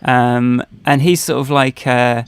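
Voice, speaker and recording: A man's voice: mid-range voice, steady tone, slow, clean tone, dry recording, studio quality. A man co-hosting a podcast, telling personal stories in casual chat, rambling with many fillers and restarts. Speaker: podcast co-host.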